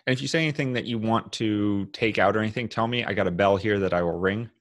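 A man's voice: fairly low pitch, quick pace, fairly bright tone. A man hosting a podcast, chatting casually and laughing often, trailing off mid-sentence. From Tennessee. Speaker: podcast host. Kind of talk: casual pre-show chat.

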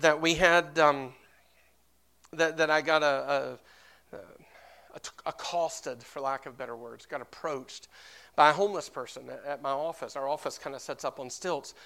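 A man preaching a sermon, his voice bright and pitched a little high. He swings between quiet storytelling and loud, emphatic peaks, and keeps asking the congregation for amens. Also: steady tone, moderate pace, clean tone. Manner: storytelling with repeated restarts. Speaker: pastor.

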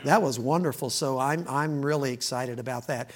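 A man's voice: mid-range voice, normal speed. A middle-aged man, preaching as a guest and joking with the congregation. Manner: folksy, joking, laughing between lines. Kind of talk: sermon with joking opening remarks.

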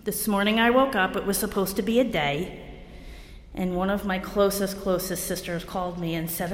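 A New Jersey woman speaks at a moderate pace in a fairly low voice, offering a candid personal share at a recovery meeting. Blunt and wry, she pokes fun at herself and laughs in bursts, her voice echoing through a hall with long reverb.

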